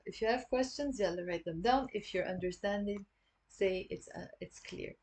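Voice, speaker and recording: A woman with a Lebanese accent giving an online language lesson, patiently repeating words slowly for learners. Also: mid-range voice, mellow. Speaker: Arabic dialect teacher.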